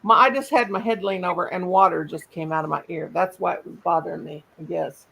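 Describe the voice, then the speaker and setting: A woman's voice: on the low side, brisk, creaky, a bit bright, a little hiss or hum, poor audio. A woman hosting a casual live stream, rambling and trailing off mid-sentence.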